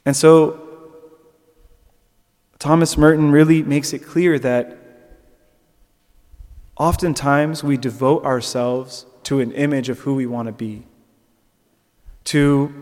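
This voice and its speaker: A man's voice: medium pitch, in a large hall. A young man giving a conversational sermon reflection, with fillers and restarts. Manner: conversational, with fillers and restarts, animated when telling stories. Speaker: preacher.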